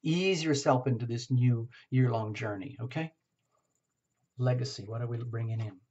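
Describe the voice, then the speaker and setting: A man giving a casual tarot reading, talking gently and rambling, often checking in with "okay?". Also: medium pitch, moderate pace, lo-fi sound. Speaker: tarot reader.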